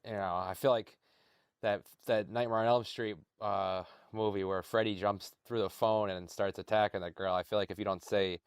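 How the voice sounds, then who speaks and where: A man's voice: on the low side, fairly even intonation, normal speed, clear, resonant tone, dry recording, clean studio sound. A man hosting a podcast in casual chat, laid-back and swearing freely, with lots of fillers. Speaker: podcast host.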